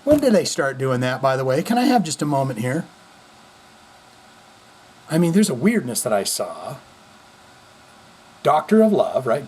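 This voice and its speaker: A man's voice: a little high, big pitch swings, normal speed, long pauses, darkish tone, slightly rough. A man hosting a casual vlog, talking in a rambling, profane and goofy way. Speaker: host.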